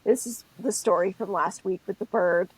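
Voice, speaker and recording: A woman's voice: mid-range voice, normal speed, husky, no room sound, poor audio. A middle-aged woman co-hosting a podcast, telling stories and explaining things step by step in a casual chat. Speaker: podcast co-host.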